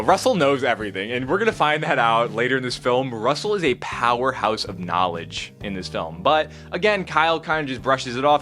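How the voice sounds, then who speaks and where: A man's voice: mid-range voice, fairly bright tone. A young man casually recapping a movie as a review host, laid-back and full of slang. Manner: laid-back slangy, says bro and dude.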